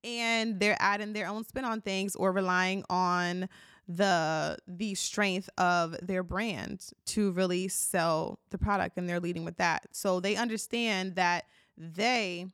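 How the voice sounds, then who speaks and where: A woman's voice: on the low side, fairly even intonation, slow pace, a bit bright, clear, resonant tone, dry recording, clean studio sound. A woman hosting a solo motivational podcast, talking encouragingly straight to the listener and checking in with "okay?", her voice cracking now and then. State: voice keeps cracking. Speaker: podcast host.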